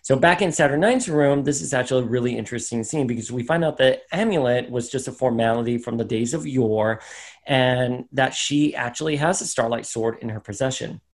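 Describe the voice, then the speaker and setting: This co-host has a medium pitch and a fairly quick delivery. He walks through a comic book issue in easygoing podcast chat, telling it with energy and acting out what the characters say.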